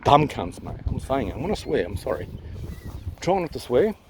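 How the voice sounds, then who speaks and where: A man with an Australian accent ranting to his vlog camera while holding it, swearing and repeating himself, going from loud to hushed. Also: medium pitch, big pitch swings, normal speed, background noise. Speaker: vlogger. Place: outdoors near a town. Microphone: handheld camera at arm's length.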